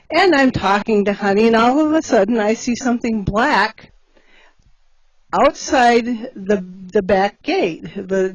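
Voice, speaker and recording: A woman's voice: mid-range voice, no echo, lo-fi sound. A woman who cares for bears, telling stories in a casual, chatty way with many fillers and laughs. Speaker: bear sanctuary caretaker telling stories. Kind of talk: casual storytelling on a livestream.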